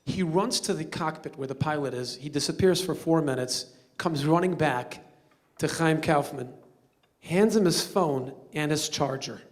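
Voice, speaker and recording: A man speaking as a rabbi storyteller at a banquet, animated and acting out the characters in his story. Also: on the high side, measured pace. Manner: animated, acting out quoted voices. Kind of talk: storytelling speech. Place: banquet hall.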